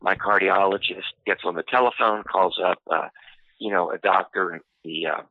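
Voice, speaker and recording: A man telling a personal story in an interview, unhurried and full of "you know" fillers. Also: deep voice, fairly even intonation, vocal fry, dry recording. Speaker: interview guest. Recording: tinny phone-line audio, dry.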